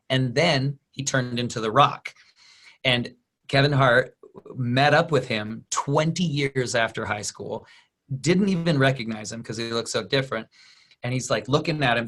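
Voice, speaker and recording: A man giving a motivational talk as a business coach on a group video call, telling stories with lively energy and acting out quoted voices. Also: medium pitch.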